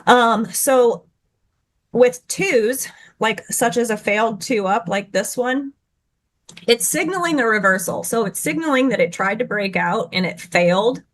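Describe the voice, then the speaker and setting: A woman teaching chart patterns as a guest. She explains in a hurry and stops now and then to correct herself. She speaks over a video call. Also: fairly high pitch. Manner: rushed, tumbling explanations with self-corrections. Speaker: guest trading educator.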